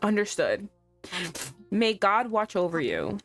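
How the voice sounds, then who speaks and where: A woman voicing a gentle, caring nun in a visual novel, read softly with concern. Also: mid-range voice, big pitch swings, slow pace, creaky, faint music behind, full character voice. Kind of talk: reading a visual novel aloud.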